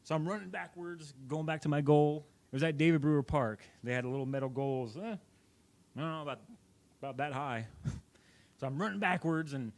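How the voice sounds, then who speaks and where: A man's voice: a little high, brisk. Rambling young man telling a story. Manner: rambling, self-correcting, chatty. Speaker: vlogger. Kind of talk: casual storytelling to camera.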